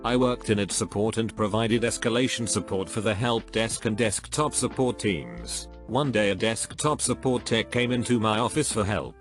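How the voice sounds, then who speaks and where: A man narrating online posts in a steady, scripted reading. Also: lowish voice, moderate pace, few pauses, soft background music.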